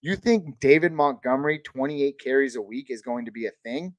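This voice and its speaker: A man hosting a live-stream Q&A, answering viewer questions in a relaxed, chatty way and calling people dude and man. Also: medium pitch, fairly quick, no echo. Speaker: host of a live fantasy football Q&A stream.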